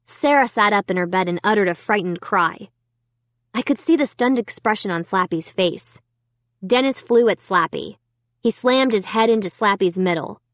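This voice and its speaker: A woman's voice: medium pitch, expressive, moderate pace, no room sound. Woman reading a spooky kids' story. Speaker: audiobook narrator. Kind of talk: first-person storybook narration.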